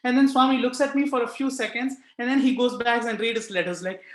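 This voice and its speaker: A man's voice: sits high, fairly quick, sharp tone, echoey room. A young Indian man with an Indian accent sharing a personal devotional story, earnest and emotional, with many fillers. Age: young adult. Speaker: speaker sharing a personal experience. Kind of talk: devotional testimony talk.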